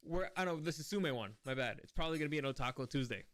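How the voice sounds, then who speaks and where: Man, casual movie review host, fairly high voice, smooth and clear, rambling, often sidetracked. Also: lively intonation, racing, a bit bright. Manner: rambling and easily sidetracked, with many restarts. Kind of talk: casual spoken film review.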